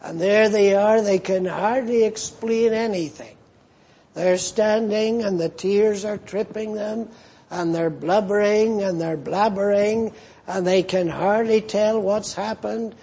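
A man preaching a sermon in a slow, earnest manner that rises as it builds. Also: sits high, steady tone, warm tone, breathy edge.

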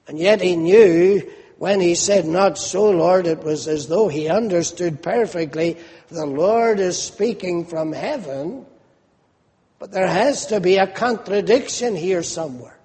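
A man preaching a sermon, slow and emphatic, rising into animated rhetorical questions. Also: high voice, long reverb tail.

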